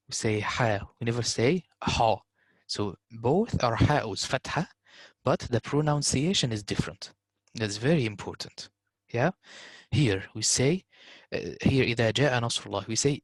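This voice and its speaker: Male tutor, mid-pitched, dry recording; demonstrates sounds, repeats them slowly, casual asides to students. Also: animated, no echo. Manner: hesitant fillers, informal address to students. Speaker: Quran recitation teacher. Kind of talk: online tajweed lesson.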